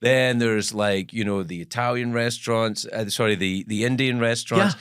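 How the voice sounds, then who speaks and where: A Scottish man from Glasgow in his sixties, hosting a casual chat with animated storytelling. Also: moderate pace, clear, resonant tone, no echo, studio quality. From Scotland. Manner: animated storyteller, jumps pitch for emphasis. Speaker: host.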